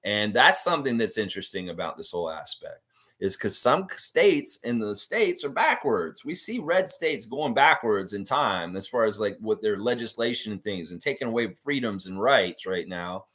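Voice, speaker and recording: Rambling low-voiced Canadian man. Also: expressive, moderate pace, bright, forceful tone. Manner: rambling, many fillers and self-corrections. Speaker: podcast host. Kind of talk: casual live-stream chat, reading viewer comments.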